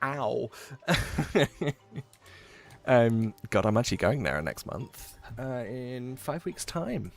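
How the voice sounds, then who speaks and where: A man's voice: medium pitch, lively intonation, takes it slowly, vocal fry, faint music behind. A man with a mixed Essex and Midlands English accent, chatting casually and jokingly with his live-stream chat while playing a game. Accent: mix of Essex and Midlands English. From England.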